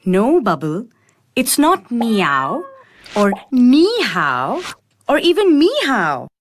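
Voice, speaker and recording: A woman voicing a patient, cheerful female schoolteacher in a children's cartoon, explaining things slowly and gently. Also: a little high, wildly swooping pitch, faint music behind, full character voice.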